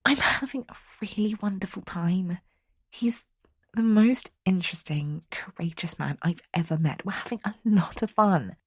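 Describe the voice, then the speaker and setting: Smitten young woman, put on by a woman reader, hushed whisper, secretive and smiling. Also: mid-range voice, normal speed, husky, no room sound, studio quality, voice pushed up.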